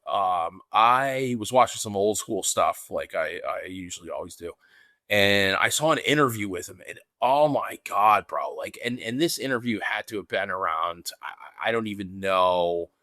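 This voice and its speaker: A man co-hosting a podcast in casual chat, excitable and rambling, with lots of restarts and "dude.". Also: on the low side, dry recording, studio quality. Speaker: podcast co-host.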